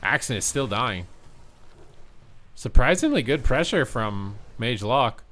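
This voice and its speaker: A tired man streaming live, calling game action play-by-play and chatting with viewers. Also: medium pitch. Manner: quick play-by-play, rising excitement on big plays. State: tired, yawning. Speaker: streamer and esports commentator. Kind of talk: live game commentary and chat.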